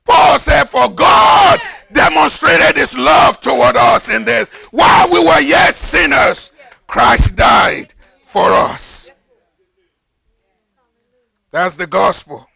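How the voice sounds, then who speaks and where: An older man preaching a fervent sermon as pastor, building to shouted, repeated lines. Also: very high-pitched, animated, takes it slowly, vocal fry, breathy edge, some chatter behind. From Nigeria. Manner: fervent preaching, rises to shouted emphasis and repetition.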